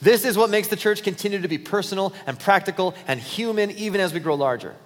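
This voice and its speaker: A pastor delivers a sermon in an easy, conversational way and acts out bits of everyday dialogue. His voice sits a little high for a man. The sound carries the long reverb of a big church hall. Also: lively intonation, quick pace. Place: church auditorium.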